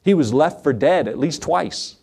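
A man's voice: fairly high pitch, expressive, unhurried, gravelly, warm tone, husky. Guy preaching a sermon, folksy and earnest, laughs a bit, repeats stuff for punch. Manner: earnest, folksy, chuckles often; emphatic repetition, rising preacher cadence. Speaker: pastor.

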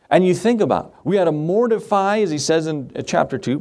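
A man's voice: a little high, brisk, few pauses, dark tone. A man pastor delivering a sermon, emphatic, posing questions and answering them himself. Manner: emphatic, asks and answers his own questions.

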